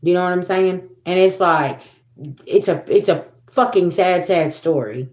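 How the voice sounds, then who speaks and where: A woman's voice: lowish voice, a little slow, a little mellow, reverberant. A woman giving a livestream spiritual reading, talking bluntly and profanely, repeating herself as she scolds. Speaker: tarot reader.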